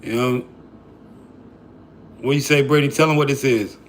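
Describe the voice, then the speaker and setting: A man's voice: medium pitch, steady tone, normal speed, slight background noise. A man hosting a livestream, chatting casually and slangily with his viewers. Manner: laid-back, slangy, addresses chat. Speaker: livestream host.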